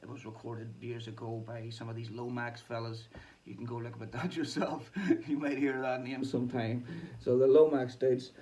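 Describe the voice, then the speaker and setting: A man's voice: medium pitch, little pitch movement, moderate pace, dark tone, recorded from a distance, rough recording. A chatty man rambles through a casual monologue, swearing freely and laughing between thoughts. He sits a little back from the mic, with a faint hum of ambient noise around him. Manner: chatty, swears a lot, laughs often, trails off.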